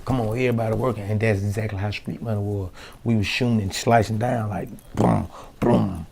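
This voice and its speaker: A man's voice: fairly low pitch, fairly even intonation, brisk, vocal fry, darkish tone, breathy edge. A young man, a rapper, telling studio stories in a loose, slangy interview manner and acting out the quotes. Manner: loose slangy street talk, acts out quotes. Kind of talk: casual interview storytelling.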